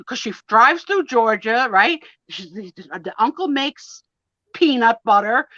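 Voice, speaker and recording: A woman with a New Jersey accent telling stories on a casual live stream, animated and self-mocking. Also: on the high side, measured pace, dry recording, lo-fi sound. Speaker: co-host of a live sale stream. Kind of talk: casual storytelling chat.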